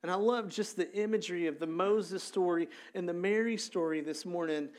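Male pastor, sermon, loose conversational delivery with lots of fillers, slightly high voice. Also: normal speed. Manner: conversational, animated storytelling with frequent fillers.

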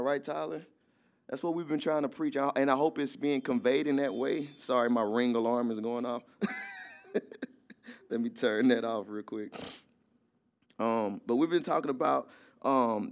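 A man's voice: mid-range voice, normal speed. A man preaching a sermon in an emphatic, conversational style. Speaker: pastor.

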